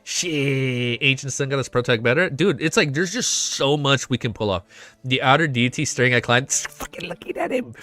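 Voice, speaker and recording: A young man hosting a casual livestream, excitable and swearing often, reading chat aloud. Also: medium pitch, moderate pace. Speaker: livestream host. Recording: faint music behind.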